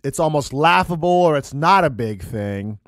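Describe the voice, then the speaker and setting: A man's voice: on the high side, lively intonation, normal speed, dry recording, studio quality. A man co-hosting a podcast as a counselor, reflecting earnestly in casual chat and adding teasing interjections.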